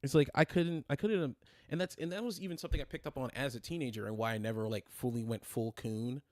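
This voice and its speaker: A man's voice: medium pitch, quick pace, no echo, studio quality. A man in his twenties hosting a casual livestream chat, rambling and profane, full of fillers and restarts. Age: 20s. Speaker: streamer host.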